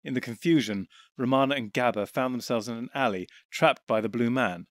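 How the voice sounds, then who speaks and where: A male narrator reads an audiobook at a fairly quick pace in an even, steady voice of middle pitch. The recording is close and dry, with no sense of the room around him.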